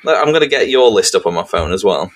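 Man, tired, sweary, rambling, self-mocking, lower voice, podcast co-host. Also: lively intonation, fast talker. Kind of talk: casual chat.

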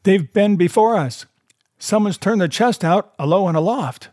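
A man voicing a rough male pirate who shouts reports down from a window in a storybook reading. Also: high-pitched, expressive, unhurried, no room sound, clean studio sound, voice pushed up. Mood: urgent.

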